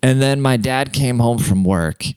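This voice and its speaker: A man's voice: medium pitch, unhurried, a little mellow, smooth, dry recording. Profane rambling young man on a podcast. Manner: rambling, profane, laughs often. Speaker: podcast host. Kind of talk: casual podcast monologue.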